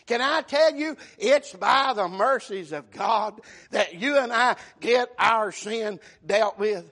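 A man preaching a sermon, emphatic, calling out amen and shouting at the peaks. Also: high voice, slow pace, few pauses. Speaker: pastor.

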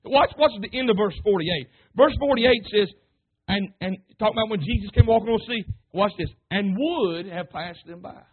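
A man preaching a sermon, fervent and calling out to his congregation, sometimes rising to shouts. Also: high voice, husky. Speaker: pastor. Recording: tinny phone-like sermon recording.

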